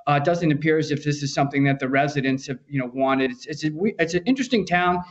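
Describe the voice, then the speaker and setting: A man's voice: a little high, lo-fi sound. A man reporting political news in a conversational, explanatory way, with fillers as he thinks. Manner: brisk, explanatory, hedging with fillers. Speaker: news correspondent.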